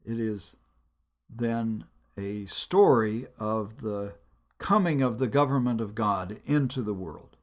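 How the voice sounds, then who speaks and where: Man, lecturer, teaching talk, slow unhurried delivery, lowish voice, deliberate pauses. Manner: measured and deliberate, pausing with "uh" between phrases. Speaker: Bible lecturer. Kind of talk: teaching lecture on biblical storytelling.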